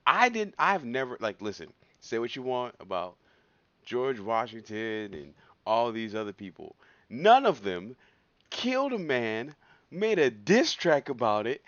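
An excitable male podcast co-host whose pitch leaps all over as he riffs and laughs. The recording is dry and dull, with a lo-fi quality. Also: measured pace, no echo. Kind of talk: casual chat.

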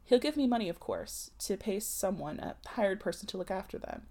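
A woman's voice: medium pitch, very animated, fairly quick, warm tone. A woman reading a novel aloud, voicing a defiant, distraught young unmarried woman who pleads in anguish.

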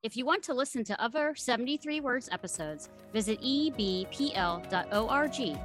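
A woman hosts a podcast in a friendly announcer style. Her pitch moves up and down a lot. Soft music plays quietly behind her. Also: animated, normal speed. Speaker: podcast host. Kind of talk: scripted podcast introduction and interview questions.

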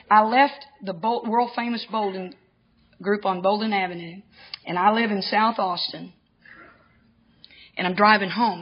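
A woman giving a humorous personal testimony to an audience, a lively storyteller who often laughs at herself. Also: mid-range voice, muffled recording, slight background noise. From Texas, USA. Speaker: recovery speaker. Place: convention hall gathering.

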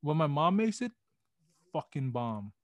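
A young man with a somewhat high voice talks loosely on a podcast, dropping slang and curses and restarting mid-sentence. The sound is dry and close, with no room around it. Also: big pitch swings, measured pace, no room sound. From Filipino family background. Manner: slangy, swears freely, frequent restarts. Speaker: podcast host. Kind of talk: casual chat.

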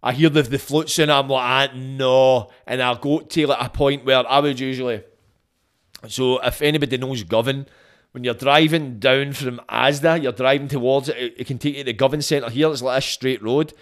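A young man with a Glaswegian Scottish accent, hosting a podcast and telling a sweary, animated story, acting out quotes along the way. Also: mid-range voice, fairly quick. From Scotland. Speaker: podcast host. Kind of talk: casual storytelling monologue.

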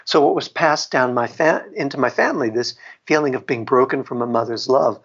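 A man's voice: mid-range voice, brisk, a bit bright, husky. A middle-aged man, an author and guest, telling a personal story in an interview in a reflective way, laughing often and restarting sentences. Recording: dull lo-fi sound.

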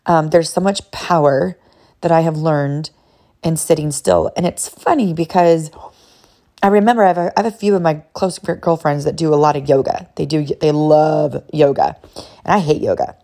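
A woman's voice: fairly low pitch, normal speed, a little mellow. A woman hosting a personal faith podcast, talking candidly and reflectively, with frequent "like"s and bursts of laughter. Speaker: podcast host.

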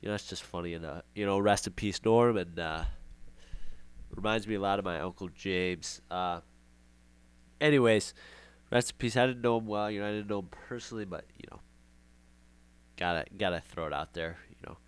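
A man's voice: low voice, normal speed, long pauses, clean tone. A young man hosting a casual podcast monologue, rambling and sarcastic, repeating himself for effect. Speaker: podcast host.

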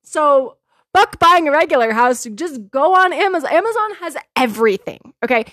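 A woman with a fairly high voice hosts her solo podcast, chatting casually. She is blunt and opinionated, swears freely and laughs a lot. The recording is close and dry with no room sound. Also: expressive, brisk, a bit bright, no echo. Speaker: podcast host.

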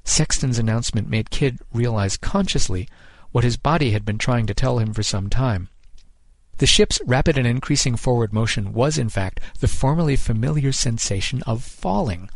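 A man's voice: mid-range voice, no echo. Man narrating in a dry, close voice. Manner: measured, even storytelling. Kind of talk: scripted audiobook narration.

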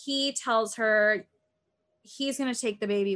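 Medium in pitch and a bit bright, her voice is animated and moves at normal speed. In a casual podcast co-host role, the woman retells a true-crime episode in a rambling style, using "like" heavily and acting out quotes.

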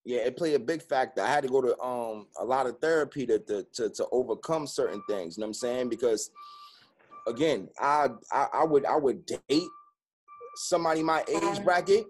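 A man's voice: mid-range voice, normal speed, soft background music. A man, a guest speaking candidly and profanely in an interview, with constant "you know what I'm saying".

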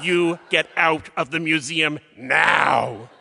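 A man's voice: a little high, slow, creaky, sharp tone, a little hiss or hum, full character voice. A man playing an indignant older male museum curator, bellowing in outrage. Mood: outraged. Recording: live hall reverb.

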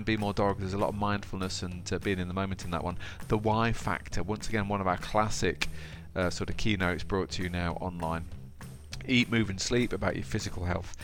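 A man hosting a podcast, chatty and animated, telling a story off the top of his head. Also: low-pitched. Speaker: podcast host. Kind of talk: casual podcast talk and storytelling.

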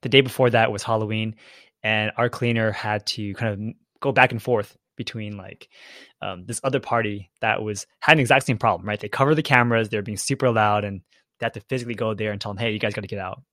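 A man, a podcast host, chatting casually about his own rental, relaxed and conversational. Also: fairly low pitch, a little fast, no echo, studio quality. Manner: relaxed, conversational, checks in with "right?". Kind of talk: casual chat.

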